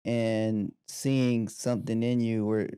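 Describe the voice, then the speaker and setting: A man's voice: fairly low pitch, level tone, slow, clear, resonant tone, dry recording, clean studio sound. A man hosting an interview podcast who recaps his guest's story and asks encouraging questions. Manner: warm, encouraging, summarizing questions. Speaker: podcast host.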